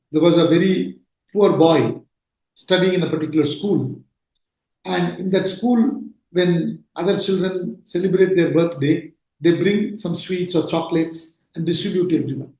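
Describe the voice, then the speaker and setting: A man giving an earnest discourse on scripture, stressing his points with rhetorical questions. His voice sits fairly high for a man. It is caught in a room with a strong, ringing echo. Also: darkish tone. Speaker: spiritual teacher. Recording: very echoey room.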